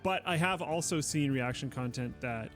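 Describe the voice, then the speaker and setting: A man's voice: medium pitch, normal speed, faint music behind. A man co-hosting a tech talk show, speaking hesitantly with many restarts. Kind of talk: casual podcast discussion.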